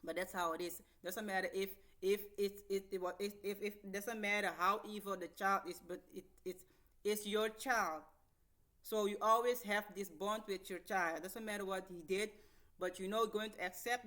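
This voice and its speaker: Halting woman teaching scripture. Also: mid-range voice, fairly bright tone. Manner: halting, with frequent restarts and repeated words; reads scripture aloud, then retells it in plain words. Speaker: bible teacher. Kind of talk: informal bible teaching.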